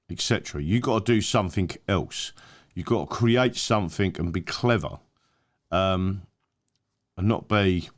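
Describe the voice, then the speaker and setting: A man hosting his own channel, giving rambling, emphatic political commentary with many fillers and restarts. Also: low voice. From England. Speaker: channel host.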